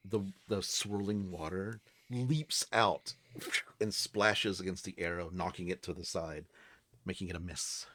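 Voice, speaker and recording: A man narrating a tabletop role-playing game as game master, describing scenes in a slow, hesitant way. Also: deep voice, background noise.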